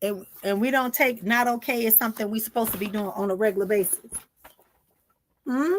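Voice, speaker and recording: A middle-aged woman, hosting a live stream and giving emotive spiritual readings that often drop into soft whispers. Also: on the high side, brisk, slight background noise. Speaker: spiritual medium and podcast host. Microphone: close mic for live streaming.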